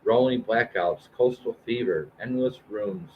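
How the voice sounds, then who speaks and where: A man's voice: on the low side, a little slow, lo-fi sound, a little hiss or hum. A man in his fifties hosting a live-stream show, reading new album reviews aloud with plenty of "uh" and "um" and restarts. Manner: reads album blurbs aloud with fillers and restarts.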